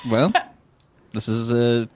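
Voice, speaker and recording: A man's voice: mid-range voice, fairly even intonation, slow, noisy background. A man guesting on a comedy podcast who talks in a mock-grumpy, sardonic way. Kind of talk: casual comedy chat.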